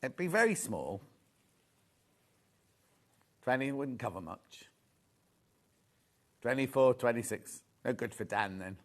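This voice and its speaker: A man's voice: medium pitch, very animated, slow, long pauses. A middle-aged man hosting a live sewing shopping show, gushing over fabrics and teasing the crew in chatty banter. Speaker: shopping channel host. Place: TV studio.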